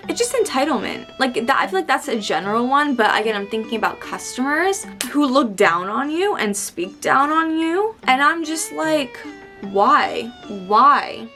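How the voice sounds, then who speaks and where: A young woman vlogging in a casual ranting monologue, animated and exasperated, repeating herself for emphasis. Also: sits high, moderate pace, hardly any pauses, faint music behind.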